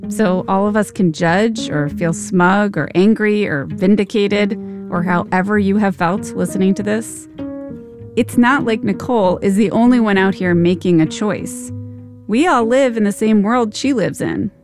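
A woman host delivers measured, reflective scripted narration at a middle pitch. Plucked guitar music plays clearly underneath her voice.

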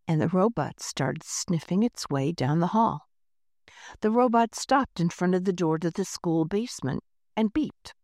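A woman narrating a children's storybook aloud with an expressive delivery. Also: lowish voice, measured pace, dry recording, studio quality.

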